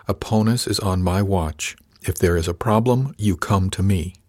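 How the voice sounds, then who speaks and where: A man's voice: low-pitched, moderate pace, darkish tone, no echo, clean studio sound. A man reading the part of a stern, bullying male first mate on a ship, cold, clipped and threatening. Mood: menacing.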